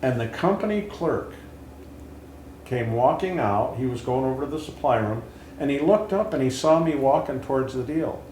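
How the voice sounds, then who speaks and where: A man's voice: mid-range voice, lively intonation, darkish tone. Older veteran man telling a war story. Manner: earnest, halting, with repeated restarts. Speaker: interview host and Vietnam veteran. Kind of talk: candid storytelling and interviewing. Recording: roomy with faint hiss.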